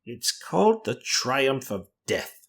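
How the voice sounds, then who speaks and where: A cold, domineering older woman speaks slowly and coolly, giving orders, as voiced by a man. Her tone is lifted above the reader's own low voice. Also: very animated, vocal fry, a bit bright, breathy edge, heavily acted. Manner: slow, cold and commanding.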